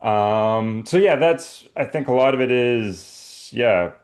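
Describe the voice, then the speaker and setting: A man's voice: medium pitch, lively intonation, slow, darkish tone. A middle-aged man from Canada, a science fiction writer and guest on a roundtable, hesitant and self-deprecating. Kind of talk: casual roundtable chat.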